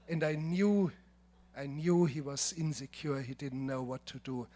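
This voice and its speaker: Older man, German accent, lecture storytelling, slightly high voice, measured and emphatic. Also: darkish tone. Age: 70s. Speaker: filmmaker giving a masterclass. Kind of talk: lecture with anecdotes. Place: lecture hall.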